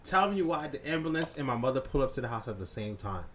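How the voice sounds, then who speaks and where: Man, lively pitch, profane storyteller, acts out sounds, faint background hiss. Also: fast talker. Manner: animated, profane, acts out scenes with sound effects. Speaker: podcast co-host. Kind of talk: casual storytelling chat.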